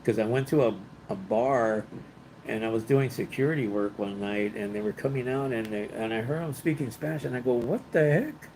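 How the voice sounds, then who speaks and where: A man's voice: medium pitch, brisk, a little mellow, slight background noise, poor audio. A man, hosting a casual livestream from a hotel room. He chats with viewers, reads their comments aloud, laughs often and mixes in bits of Spanish. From Los Angeles, United States. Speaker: livestream host. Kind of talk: casual live-stream chat reading viewer comments.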